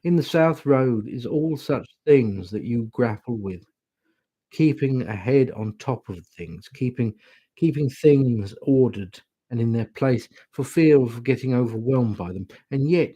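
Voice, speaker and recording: English male tarot reader, husky, dry room, rambling livestream chat. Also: mid-range voice, animated, dark tone, no room sound, poor audio. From England. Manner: musing, slow and rambling, chatty asides.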